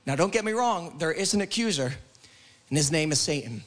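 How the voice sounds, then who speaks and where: A man's voice: on the high side, lively intonation, fairly quick. A man preaching a passionate sermon at a church service, with a repetitive, rising cadence. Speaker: pastor.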